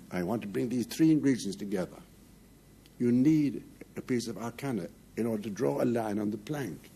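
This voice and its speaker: A middle-aged man spins a rambling, halting bluff on a panel game. His voice is gravelly and very husky, with a fry that catches on every phrase. He stumbles and restarts as the joke builds. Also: fairly low pitch, warm tone.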